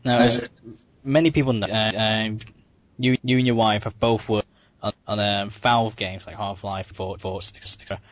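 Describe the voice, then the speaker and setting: Man asking halting questions, dull sound. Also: fairly low pitch, fairly even intonation. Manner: halting questions with fillers and repeats. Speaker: interviewer host. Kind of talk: casual interview questions. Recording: dull lo-fi recording.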